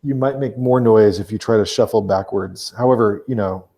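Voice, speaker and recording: A man with a low, mellow voice narrates a tabletop game as game master. He talks haltingly, stopping to restart his sentences and filling gaps with ums. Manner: halting, with many fillers and restarts.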